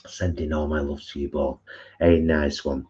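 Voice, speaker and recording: A man's voice: rumbling low, flat delivery, normal speed, darkish tone. A man with a Geordie accent co-hosting a live stream, playful and teasing as he reads out comments. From North East England. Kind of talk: casual live-stream chat. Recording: dull lo-fi stream audio.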